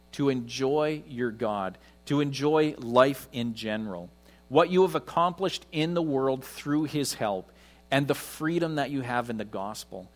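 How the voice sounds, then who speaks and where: A man preaching a conversational sermon in church, with frequent pauses. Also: mid-range voice. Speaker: pastor.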